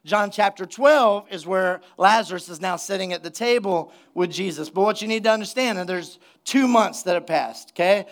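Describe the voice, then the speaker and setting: A male pastor with a notably high voice preaching to his church congregation. He is energetic and conversational, breaking from scripture reading to joke and to ask the room for an amen. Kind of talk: sermon. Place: church sanctuary.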